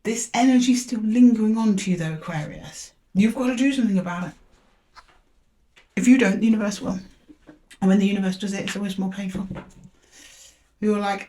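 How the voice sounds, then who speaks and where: A woman's voice: mid-range voice, fairly quick, pauses often, mellow. Chatty woman reading tarot. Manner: chatty, talks straight to the viewer, asks aloud for each card. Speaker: tarot reader. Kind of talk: intuitive tarot reading to camera.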